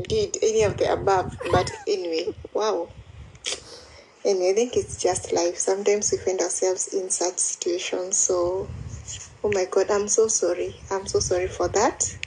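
A woman's voice: mid-range voice, steady tone, moderate pace, warm tone, slight background noise, low-quality recording. A woman replying in a casual voice message, rambling and apologetic, with frequent restarts.

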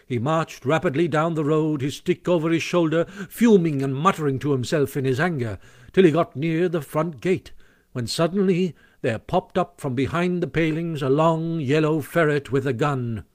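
A man reading a classic storybook aloud as narrator, expressive and animated, on a close microphone. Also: on the high side, moderate pace, dry recording. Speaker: audiobook narrator.

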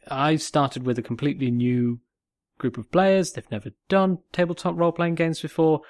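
A man from North West England, co-hosting a casual podcast in a jokey, animated way and repeating phrases for emphasis. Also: mid-range voice, no room sound, studio quality. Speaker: podcast co-host.

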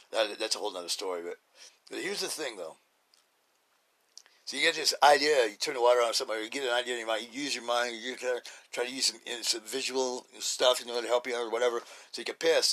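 A middle-aged man talks through his podcast in a loose, rambling monologue, blunt and full of fillers and restarts. His voice is bright and forceful, sitting at an ordinary pitch for a man. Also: a little fast. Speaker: podcast host. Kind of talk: casual monologue.

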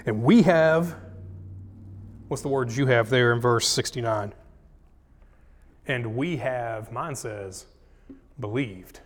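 A man's voice: mid-range voice, slow pace, pauses often, in a large hall. A man leading a casual Bible study, retelling scripture in slangy, folksy speech.

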